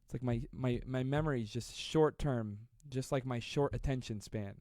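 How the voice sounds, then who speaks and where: A man in his twenties hosting a live stream, reading viewer comments aloud and joking with a fast, self-deprecating manner. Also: mid-range voice, darkish tone, dry recording, clean studio sound. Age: 20s. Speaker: livestream host.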